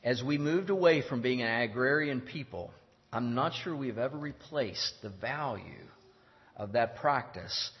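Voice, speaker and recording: A man preaching a sermon in an earnest, deliberate way, repeating his key phrases. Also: mid-range voice, animated. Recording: dull lo-fi sound in a reverberant hall.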